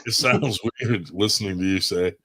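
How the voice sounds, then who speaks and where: A man's voice: deep voice, normal speed. A man hosting a podcast in rambling casual chat, swearing freely. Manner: profane, rambling and animated. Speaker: podcast host.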